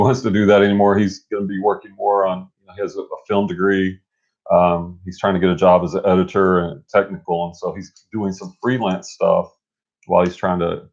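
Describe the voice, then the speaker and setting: A middle-aged man co-hosting a casual live stream, energetic and motivational, rambling with restarts. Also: low-pitched, vocal fry. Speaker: co-host. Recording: dull lo-fi stream audio.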